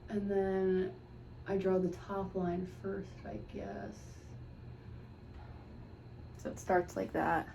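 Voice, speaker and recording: A woman's voice: medium pitch, flat delivery, slow, vocal fry, long pauses, warm tone, far from the mic, highs cut off. Chatty woman podcasting from afar. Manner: chatty, offhand, wry asides. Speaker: podcast host. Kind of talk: casual rambling makeup tutorial. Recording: echoey room, voice away from mic, faint hiss.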